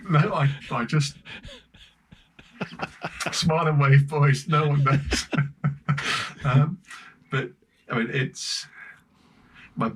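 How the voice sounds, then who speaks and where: A man with an English accent, a podcast guest telling travel stories in lively casual chat, laughing often. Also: on the high side, takes it slowly, pauses often, breathy edge. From Britain. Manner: animated storyteller, laughing often.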